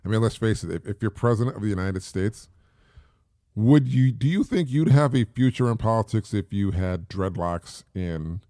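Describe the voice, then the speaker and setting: Middle-aged guy podcasting solo, gravelly low voice, rambly and chatty, dry close sound. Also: warm tone, no echo. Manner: rambling, conversational, with frequent fillers and repeats. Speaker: podcast host. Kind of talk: casual solo podcast talk.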